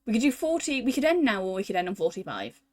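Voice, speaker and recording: A young woman from the UK chatting casually as a streamer while playing a visual novel, thinking out loud in a self-deprecating way. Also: mid-range voice, sing-song, fast talker. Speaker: VTuber streamer.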